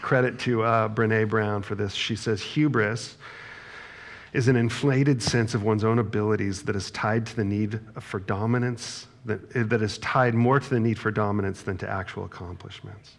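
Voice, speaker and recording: Gravelly low-voiced man preaching casually. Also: steady tone, normal speed. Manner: conversational, self-deprecating storytelling with frequent "right?". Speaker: pastor. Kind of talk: sermon. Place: church sanctuary.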